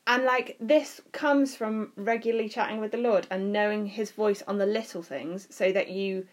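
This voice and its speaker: A woman's voice: mid-range voice, fairly even intonation, moderate pace. Woman, youth leader, casual teaching chat, teasing, lots of fillers.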